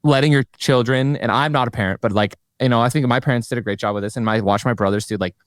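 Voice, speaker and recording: A man's voice: mid-range voice, no echo, studio quality. A man hosting a podcast, chatting with enthusiasm and eagerly agreeing with his guest. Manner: enthusiastic and agreeable, quick to affirm. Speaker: podcast host. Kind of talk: casual interview chat.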